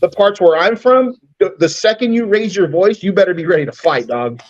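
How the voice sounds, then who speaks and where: A man's voice: high-pitched, fairly quick. Man retelling drama over lo-fi call. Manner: animated storytelling, mimics others. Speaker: regular caller in a live chat. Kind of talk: casual group call chat.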